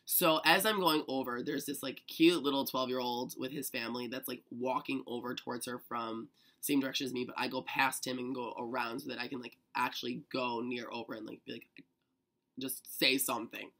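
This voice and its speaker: A young man telling a story to camera in a chatty, excitable vlog manner, full of "like". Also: mid-range voice, a little fast. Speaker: vlogger.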